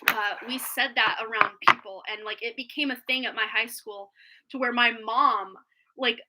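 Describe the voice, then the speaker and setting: A woman's voice: fairly high pitch, steady tone, normal speed, pushed and bright, rough recording. A woman reading tarot on a live stream, bubbly and effusive, often giggling as she talks to viewers. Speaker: tarot reader.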